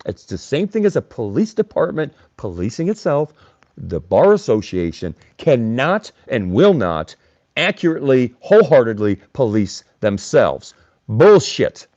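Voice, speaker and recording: Male livestream host, mocking and blunt, very animated delivery, dull dry sound. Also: mid-range voice, measured pace, no echo. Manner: blunt, combative, mocks chatters by name. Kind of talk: live-stream rant reading chat.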